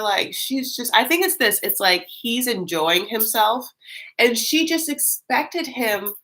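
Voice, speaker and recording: A woman's voice: mid-range voice, a bit bright. Giggly, rambling woman streamer. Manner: chatty, giggly, rambling with many fillers. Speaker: live-stream host reacting to a reality show. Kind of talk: casual live-stream chat.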